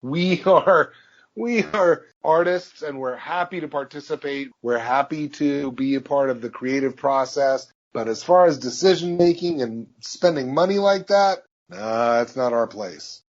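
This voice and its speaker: Male voice actor as interview guest, easygoing anecdotes, mid-range pitch, muffled lo-fi sound. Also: unhurried. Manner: relaxed anecdotal delivery. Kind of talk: interview answers, storytelling. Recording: dull lo-fi audio.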